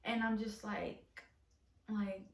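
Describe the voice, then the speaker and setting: A woman's voice: mid-range voice, level tone, slow pace, recorded from a distance. Young woman rambling in an echoey room. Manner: rambling, many fillers. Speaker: vlogger. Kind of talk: casual storytime. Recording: roomy echo, off from mic.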